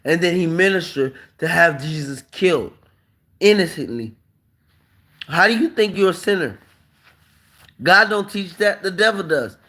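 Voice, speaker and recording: A live streamer with a notably high, bright, forceful voice delivers a passionate, sermon-like monologue. He speaks emphatically and keeps firing rhetorical questions at his listeners.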